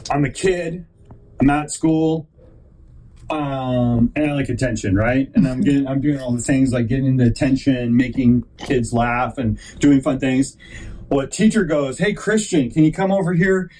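On his own podcast, a man rambles through a personal story, often restarting sentences and animatedly acting out other people in raised voices. His voice is medium-pitched and measured in pace, and the poor audio carries slight background noise.

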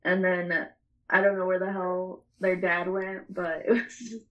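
A woman's voice: lowish voice, fairly even intonation, a little slow, highs cut off. A young adult woman telling a story in casual chat, rambling and swearing, often breaking into laughter.

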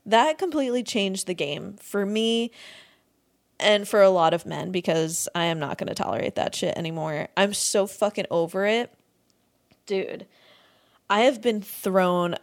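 In a mid-range voice, a young podcast host rants through a crude comedic monologue, swearing freely, sounding exasperated and often breaking into laughter.

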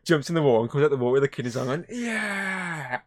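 Speaking very fast with a medium pitch and a darkish tone, a male podcast co-host chats casually. He rambles, swears plenty, and retells movie scenes by acting them out in voices.

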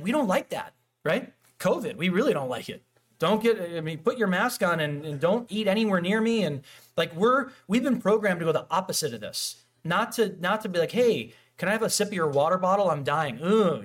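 Male pastor, conversational sermon delivery, slightly high-pitched, animated storyteller. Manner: animated, acts out quoted dialogue, frequent restarts and fillers.

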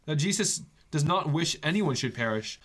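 A man's voice: a little high, expressive, a bit bright. Jokey male podcast host. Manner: jokey and laughing, quick asides. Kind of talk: casual faith podcast chat.

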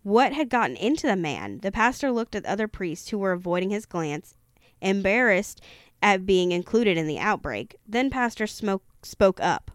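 A woman reading a haunted-house book aloud in a steady storytelling manner, now and then tripping over a word and correcting herself. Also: medium pitch, normal speed, no echo, clean studio sound. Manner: steady storytelling with occasional stumbles and self-corrections. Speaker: reader of a true-haunting book.

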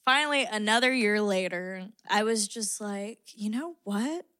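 A woman's voice: medium pitch, animated, a little slow, bright, forceful tone, no room sound. Candid young woman, dry close sound. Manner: candid storytelling, laughs often. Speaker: podcast co-host. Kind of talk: casual chat.

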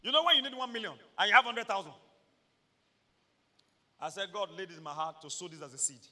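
Nigerian preacher man, high bright voice, big echoey church hall, gets loud and funny. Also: fast. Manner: animated preaching with shouted peaks and humorous asides. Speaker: pastor. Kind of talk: sermon.

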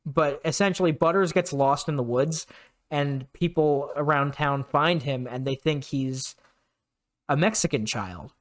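A young man co-hosting a casual podcast chat, animated and quick to laugh as he tells stories. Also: fairly high pitch. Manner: animated, laughs often, bursts into shouted announcer impressions. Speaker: podcast co-host.

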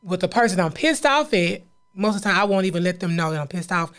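A woman's voice: fairly low pitch, expressive, quick pace, fairly bright tone. A woman co-hosting a casual chat podcast, laid-back and reserved, with folksy sayings. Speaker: podcast co-host.

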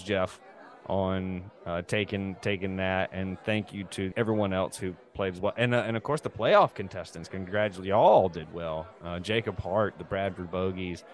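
A man hosting a casual podcast, rambling loosely and laughing often. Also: deep voice. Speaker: podcast host. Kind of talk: casual chat.

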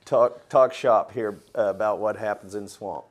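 Man, fairly low voice, dry humor, halting, casual guest chat. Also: steady tone. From Kentucky. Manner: dry, wry, halting with fillers. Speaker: guest, congressman.

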